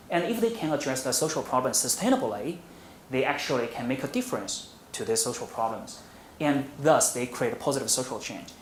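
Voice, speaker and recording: Man giving a lecture in a roomy hall. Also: medium pitch. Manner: measured, with frequent "uh" and restarts. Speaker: visiting academic speaker. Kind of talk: academic presentation. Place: university lecture room. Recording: roomy hall sound, faint hum.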